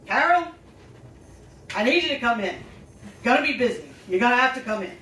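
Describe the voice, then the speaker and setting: A woman voicing a gruff, blunt older male restaurant owner who talks loud and curt and swears. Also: a little high, lively intonation, fairly quick, voice pushed up. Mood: demanding. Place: small storytelling venue stage. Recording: roomy live stage sound, distant and noisy.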